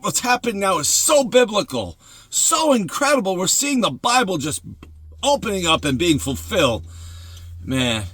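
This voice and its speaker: Excitable high-voiced preaching man. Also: no echo. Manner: excitable, laughs often, emphatic repetition. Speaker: host of a devotional show.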